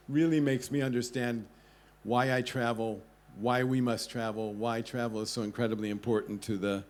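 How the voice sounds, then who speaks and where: A man giving a talk to an audience, telling a travel story with lively pacing and acting out the voices of people in it. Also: medium pitch. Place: club event hall.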